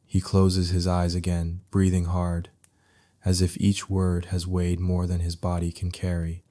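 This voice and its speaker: A man softly telling a soothing bedtime story in a hushed, unhurried voice. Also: sits low, monotone. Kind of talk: soothing sleep story narration.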